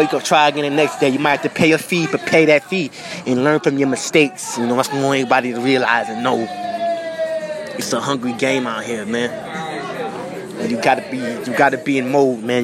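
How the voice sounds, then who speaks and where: A man's voice: medium pitch, background noise. A man with a New York accent, talking casually and motivationally on a live stream in loose slang.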